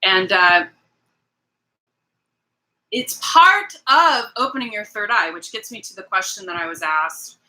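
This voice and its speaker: A woman's voice: medium pitch, animated, a little slow, pauses often, pushed and bright, rough recording. A woman hosting a casual livestream, talking straight to her viewers in a rambling, emphatic way and greeting people in the chat. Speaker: livestream host.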